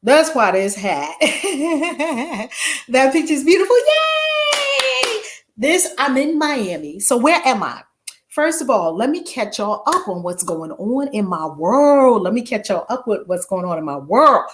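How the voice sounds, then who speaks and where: A woman's voice: medium pitch, sing-song, moderate pace, a little hiss or hum. A woman author hosting a casual livestream, exuberantly calling out greetings to viewers by name.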